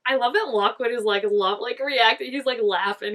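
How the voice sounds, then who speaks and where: A woman's voice: on the high side, normal speed, fairly bright tone. A woman casually reacting to a TV episode, chatty and gushing, with lots of "like" fillers. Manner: chatty, gushing, peppers speech with "like".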